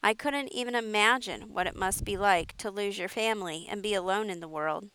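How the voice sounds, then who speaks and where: A woman reading a children's story aloud in a clear, steady storytelling voice. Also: mid-range voice, normal speed. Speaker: story reader. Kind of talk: audiobook narration.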